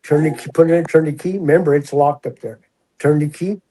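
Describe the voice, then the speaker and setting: A man in his sixties, a retired prison officer, telling stories in a relaxed, chatty way and acting out the voices of others. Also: on the high side, brisk, poor audio. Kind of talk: casual storytelling.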